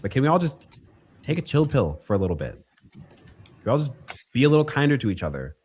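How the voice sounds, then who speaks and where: Earnest man with a lively voice. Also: mid-range voice, fast, a little hiss or hum. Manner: earnest, appealing for calm. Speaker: video commentator.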